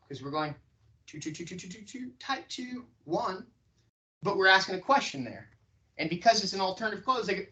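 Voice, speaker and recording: Animated male sales trainer, far off. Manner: animated, swings pitch up and down for demonstration. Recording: voice from across a room.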